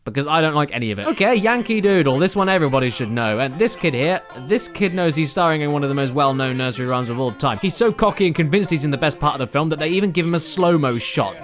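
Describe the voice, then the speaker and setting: A fairly high-voiced British man rants his way through a comedic review, dry and sarcastic one moment and exasperated the next. Music plays softly beneath his voice. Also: animated, quick pace, hardly any pauses. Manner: sarcastic, exasperated ranting with sudden outbursts. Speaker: video reviewer. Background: music playing underneath.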